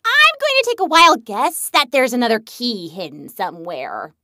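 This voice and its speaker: A woman's voice: on the high side, sing-song, normal speed, heavy background noise. A woman voicing a hyper, gleeful young huntress in a video game who loves smashing things, bubbly and bouncy. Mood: chatty. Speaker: game character.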